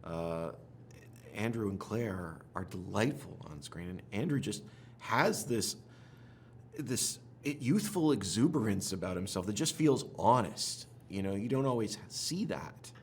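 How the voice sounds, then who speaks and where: A man interviewing a director, asking friendly, measured questions and affirming the answers. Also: lowish voice, expressive, a little hiss or hum.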